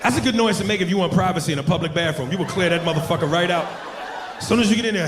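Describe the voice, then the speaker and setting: Male stand-up comic, high voice, loud, animated, profane; echoey club room. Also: very fast, background noise. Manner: loud, animated, bursts into shouted grunting noises; profane, punchy delivery with crowd address. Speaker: stand-up comedian. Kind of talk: stand-up comedy set. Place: comedy club stage. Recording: echoey club with audience ambience.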